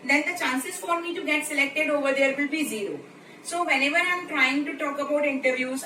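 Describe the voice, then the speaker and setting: A woman's voice: high voice, sharp tone. A woman from India with an Indian English accent, giving a lecture video and explaining terms step by step. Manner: explanatory, repeats key terms. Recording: echoey room, mic at a distance, background noise.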